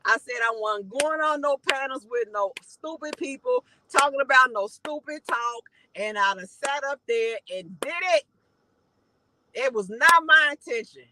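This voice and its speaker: A woman's voice: sits high, animated, measured pace, background noise. Heated Chicago woman ranting. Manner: emphatic, heated, rising to shouts when indignant. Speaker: channel host giving commentary. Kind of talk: commentary rant to viewers.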